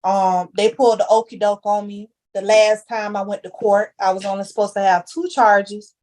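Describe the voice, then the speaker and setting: A woman's voice: medium pitch, flat delivery, moderate pace, a little mellow. A young woman talking candidly as a podcast guest, telling her story with heavy slang and emphasis. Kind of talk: casual chat.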